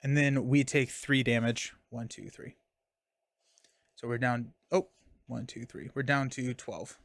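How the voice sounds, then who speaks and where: A man's voice: medium pitch, fairly even intonation, unhurried, creaky, no echo. A young man casually streaming a card game, talking through his moves and chatting with viewers. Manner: chatty, reads chat and thanks viewers mid-game.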